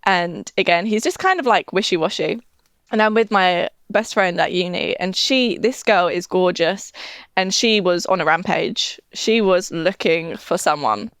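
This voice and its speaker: A woman's voice: on the low side, expressive, a little slow, a bit bright, clear, resonant tone, no room sound. Chatty young Englishwoman, dry close sound. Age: 20s. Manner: chatty, laughs often, acts out quotes. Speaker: podcast guest. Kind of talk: casual storytelling.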